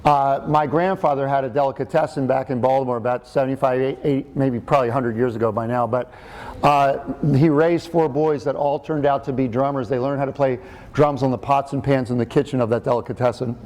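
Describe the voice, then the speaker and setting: A man's voice: medium pitch, fairly even intonation, brisk, a little mellow. A middle-aged man giving a talk, telling a personal story in a chatty, joking way with frequent fillers and restarts. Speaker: speaker and author.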